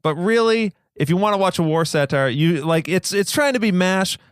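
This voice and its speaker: A man's voice: sits high, animated, moderate pace, clear, resonant tone, no echo, studio quality. A man guest on a movie podcast, stammering a little and self-deprecating, just over an illness. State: recovering from illness. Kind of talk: casual movie podcast chat.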